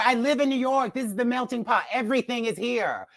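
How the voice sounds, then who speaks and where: A woman in her fifties, a guest joining by video call, telling stories in a lively, laughing, expressive way. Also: fairly high pitch, fairly quick. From United States. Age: 50s. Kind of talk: casual chat.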